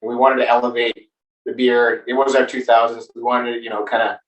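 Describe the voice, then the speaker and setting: A man's voice: medium pitch, little pitch movement, brisk, echoey room, distant mic, muffled recording. A man who is a brewmaster, chatting casually and explaining things in a loose, rambling way with many fillers. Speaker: brewmaster guest. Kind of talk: casual chat.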